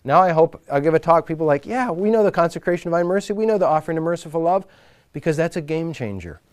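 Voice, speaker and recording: A man giving a talk at a faith retreat, telling stories in an animated, informal way, shifting between loud and hushed and often restarting his sentences. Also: on the high side, fast talker, clear, resonant tone. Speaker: retreat speaker. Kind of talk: retreat talk to a live group.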